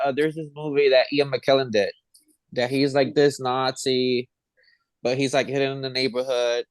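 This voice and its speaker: A laid-back man in casual podcast chat who mostly gives short reactions. His voice sits at a middle pitch. The recording is dry and close. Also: no room sound, low-quality recording. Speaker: podcast co-host.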